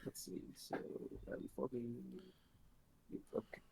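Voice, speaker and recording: A man's voice: measured pace, warm tone, a little hiss or hum, low-quality recording. A man playing a tabletop role-playing game, talking in a hesitant, self-correcting way. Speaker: player.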